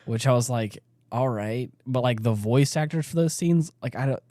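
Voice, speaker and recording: Male podcast co-host, casual and rambling, warm low-key voice, dry close mic. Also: normal speed, no room sound. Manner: rambling, many restarts and fillers. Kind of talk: casual chat.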